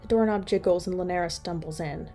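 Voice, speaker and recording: A woman's voice: lowish voice, brisk, dark tone, soft background music. A woman reading a second-person fan story aloud as narrator.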